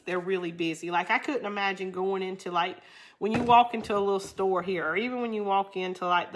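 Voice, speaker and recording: A woman's voice: lowish voice, fairly bright tone, slight background noise. A woman from the Southern United States with a Southern drawl, chatting casually and laughing as she crafts and reads viewer comments. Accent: Southern American. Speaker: craft video host.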